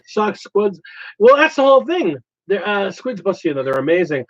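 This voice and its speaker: A man's voice: sits high, very animated, normal speed. Man hosting a rambling hobby chat. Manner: meandering, thinks aloud while explaining plans. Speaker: hobby channel host. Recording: slightly dull lo-fi audio.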